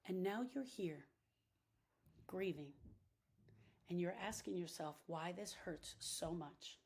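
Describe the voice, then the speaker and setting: Husky woman, impassioned grief talk. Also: fairly low pitch, slow, a little mellow. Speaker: grief coach and podcast host.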